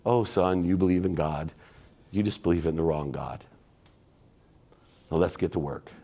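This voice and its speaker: Man voicing a calm, loving older mother. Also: low-pitched, moderate pace, voice pushed down. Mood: reassuring. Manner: gentle and reassuring.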